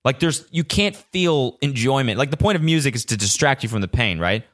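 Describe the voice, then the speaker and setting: A young man from California hosting a casual solo podcast, animated and profane, mimicking the voices of others as he tells a story. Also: medium pitch, brisk. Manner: animated, swears a lot, mimics cheering voices. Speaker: podcast host.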